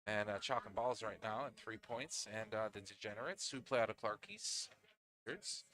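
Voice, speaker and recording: Chatty bright-voiced pool commentator man. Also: on the low side, expressive, normal speed. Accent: Northeastern Pennsylvania. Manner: chatty, laughs often, restarts phrases. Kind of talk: live sports commentary.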